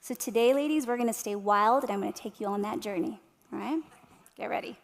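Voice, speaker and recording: Woman, 30s, motivational speaker, passionate, asks the room questions, slightly high voice, long hall echo. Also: quick pace, vocal fry. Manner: passionate, addresses audience directly with rhetorical questions. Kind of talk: inspirational keynote speech. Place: room with a live audience.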